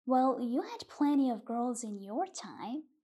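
A woman's voice: fairly high pitch, big pitch swings, a little slow, warm tone, slightly rough, heavily acted. A woman voicing Mrs Garner, a stern but kindly farm mother, in an audiobook reading. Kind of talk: audiobook reading of a short story.

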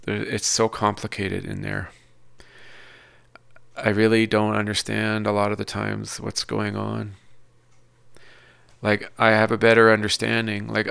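Low gravelly man, halting and candid. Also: pushed and bright. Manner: hesitant, halting, searching for words. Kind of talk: personal confessional monologue.

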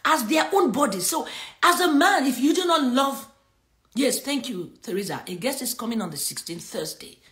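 A woman's voice: high-pitched, expressive, normal speed, a bit bright, roomy sound. A middle-aged woman preaching a sermon on a livestream, reading scripture and making emphatic points with laughter between them.

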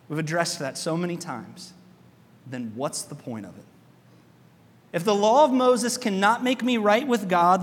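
A man pastor preaching a sermon in a church, animated, asking his congregation rhetorical questions. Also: high voice, in a large hall.

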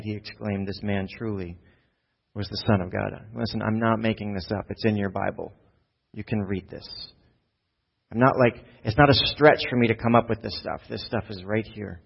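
A man's voice: mid-range voice, gravelly, lo-fi sound. A man giving a sermon as a pastor, talking in a casual, conversational way and putting questions to the congregation.

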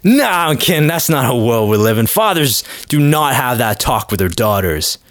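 A man's voice: medium pitch, lively intonation, moderate pace, a bit bright, no room sound. A man doing a comedic monologue with a rambling, sarcastic delivery full of fillers. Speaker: comedic podcast host.

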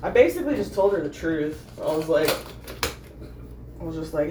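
A woman's voice: low voice, animated, moderate pace, pauses often, background noise. A young woman telling a personal story to camera in a candid, rambling way, full of fillers and swearing. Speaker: vlogger. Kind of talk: casual storytime chat.

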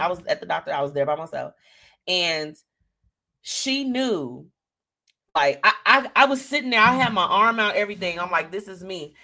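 A woman's voice: deep voice, fairly bright tone. A woman hosting a live show, talking candidly and emotionally to her listeners and calling them y'all. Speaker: host.

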